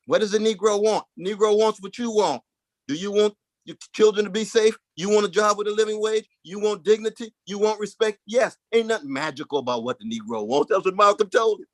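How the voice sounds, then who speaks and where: A man speaking with fervor from the lectern, his voice sitting high and swooping up in big preacherly surges. He uses rhythmic repetition and drops into folksy asides. The sound is close and dry, with no room echo. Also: animated, moderate pace. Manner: preacherly, rhythmic, with dramatic swings in pitch and volume. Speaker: guest speaker. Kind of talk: impassioned public talk.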